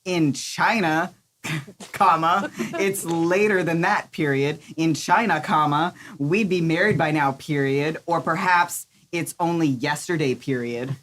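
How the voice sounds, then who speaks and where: A woman reading a proud, sharp-tongued society woman at a table read, slowly saying the punctuation marks aloud. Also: low voice, a little hiss or hum. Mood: wry.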